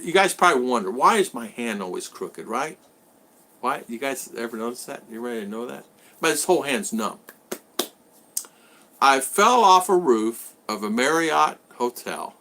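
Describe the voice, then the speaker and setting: A man's voice: medium pitch, a bit bright. A man hosting a casual live stream from his home in the Philippines, rambling and repeating himself while greeting viewers by name.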